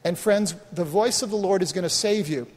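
A man's voice: high voice, moderate pace, a little mellow, in a large hall. A middle-aged man preaching a sermon as pastor, in a folksy, conversational way full of rhetorical questions and restarts.

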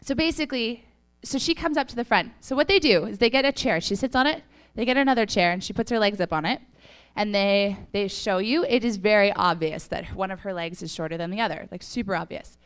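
A woman's voice: mid-range voice, a little fast, clean tone. A young woman giving a casual testimony to a church audience, telling stories chattily with laughs and fillers, a little sniffly. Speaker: church speaker.

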